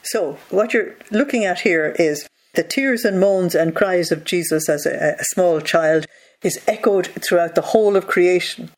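A teacher reading a devotional text aloud, slowing down on key phrases and stopping to explain them with rhetorical questions. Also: medium pitch. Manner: reads passages slowly, then explains with rhetorical asides.

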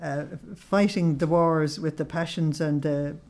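A woman's voice: sits low, steady tone, unhurried, a little mellow. A woman leading a spiritual study group. She reads passages aloud, stops to explain them, and asks her listeners tag questions. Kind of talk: religious teaching with read-aloud passages.

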